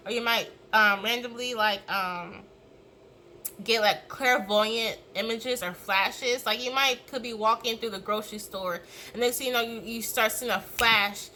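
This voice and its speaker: A woman's voice: on the high side, sharp tone, a little hiss or hum, rough recording. A woman giving a casual tarot reading, rambling and swearing freely as she acts out reactions. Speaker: tarot reader.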